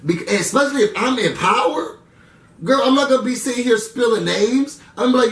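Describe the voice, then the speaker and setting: A man chatting through a casual TV recap, animated and slangy, full of asides to his viewers. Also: extremely high pitch, a little fast, far from the mic, a little hiss or hum. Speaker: reality TV recap vlogger. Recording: roomy room sound, away from the mic.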